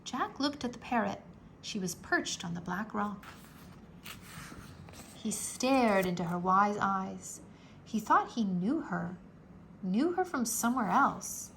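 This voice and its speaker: Woman reading a kids' book aloud, slow and lively, bright gravelly voice. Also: mid-range voice, slight background noise. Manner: slow, animated storytelling. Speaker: read-aloud narrator. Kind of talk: children's book read-aloud.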